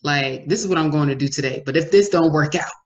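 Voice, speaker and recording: Low-voiced woman co-hosting a chat. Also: quick pace, dull audio. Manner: relaxed, conversational, acts out others' reactions. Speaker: podcast co-host. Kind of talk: casual chat.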